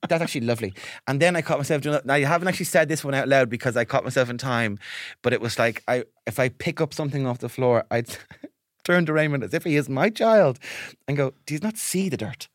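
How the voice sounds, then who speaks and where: A man's voice: mid-range voice, fast, no echo, clean studio sound. A man, co-hosting a casual chat podcast and telling rambling, self-mocking stories. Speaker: podcast co-host.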